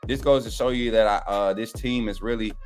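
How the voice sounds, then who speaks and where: A man's voice: fairly low pitch, brisk, soft background music. Laid-back man chatting to viewers. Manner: relaxed, folksy, addresses viewers as y'all. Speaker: co-panelist on a sports show. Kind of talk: casual live stream chat.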